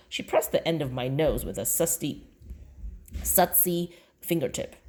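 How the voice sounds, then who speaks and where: A woman's voice: rumbling low, expressive, unhurried, a little mellow. A woman reading a children's chapter book aloud in a plain storytelling delivery. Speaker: reader.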